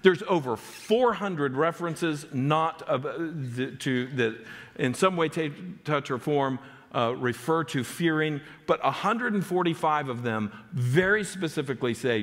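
A man preaching a sermon as pastor, emphatic, with his voice rising sharply on key points and dropping low on others. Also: animated, a little slow. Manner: emphatic preaching with sharp rises and drops in pitch. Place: church sanctuary. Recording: long church hall reverb.

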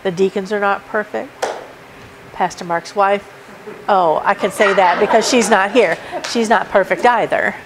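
A woman's voice: medium pitch, steady tone, unhurried, background noise. A woman preaching a sermon at a church service, emphatic and repeating her key points as she works through a numbered list. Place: church sanctuary.

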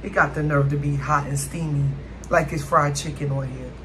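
A woman's voice: deep voice, very noisy. A woman vlogger, chatting dramatically to her viewers during a mukbang. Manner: chatty, dramatic, keeps addressing viewers as y'all. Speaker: food vlogger. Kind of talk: casual mukbang chat to viewers.

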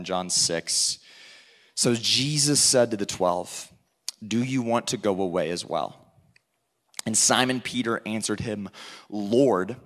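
A young man preaching as a youth pastor in a church service, excited and animated, with frequent restarts. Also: mid-range voice. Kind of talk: sermon.

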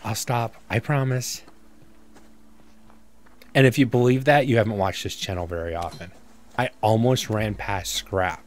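A man's voice: fairly low pitch, unhurried, long pauses. A man giving casual let's-play commentary as a gaming YouTuber, rambling and self-mocking as he thinks aloud.

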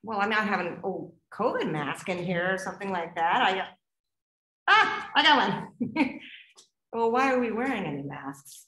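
An actress playing a grown daughter, practical and exasperated, in a stage play. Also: female voice, medium pitch, animated, moderate pace, pushed and bright. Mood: skeptical. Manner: exasperated, down-to-earth. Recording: echoey room.

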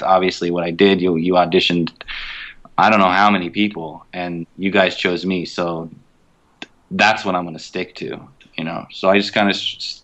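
A man's voice: sits low, fairly bright tone, lo-fi sound. A man being interviewed as a guest voice actor, talking casually and thoughtfully, with many fillers and restarts.

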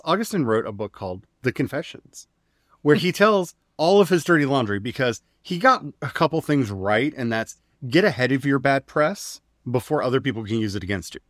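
A man's voice: medium pitch, sing-song, brisk, no room sound, clean studio sound. Wry, glib man telling a story. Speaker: podcast co-host. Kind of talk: casual religious discussion podcast.

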